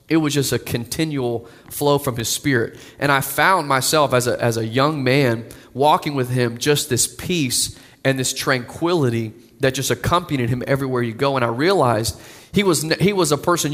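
A man's voice: medium pitch, a bit bright. Earnest preaching man in an echoing hall. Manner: earnest, builds to emphatic declarations. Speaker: pastor. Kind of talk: sermon. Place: church sanctuary. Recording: long reverb of a church hall.

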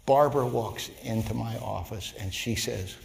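A man, a pastor, telling a folksy story in a sermon, growing animated and loud at its climax. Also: fairly low pitch, moderate pace, vocal fry, long reverb tail, slight background noise. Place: church sanctuary.

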